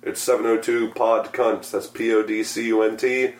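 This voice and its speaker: A man hosting a casual podcast, rambling and swearing freely, his voice going hoarse. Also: lowish voice, level tone, moderate pace, echoey room. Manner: profane, rambling, self-mocking. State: losing his voice. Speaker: podcast host.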